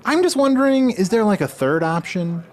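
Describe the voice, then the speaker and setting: A man hosts an improvised comedy podcast, and his fairly high voice swings widely in pitch. He talks hesitantly, hedging his questions with fillers as he goes. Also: expressive, moderate pace, a little mellow. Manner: hesitant, full of likes and questions. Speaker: host.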